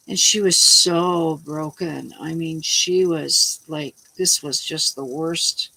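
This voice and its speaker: Middle-aged woman, casual vlog storyteller; gravelly, sharp-toned, salty and meandering. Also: low voice, fairly even intonation, slow, few pauses, rough recording. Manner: rambling, salty, starts over mid-sentence. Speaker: vlogger.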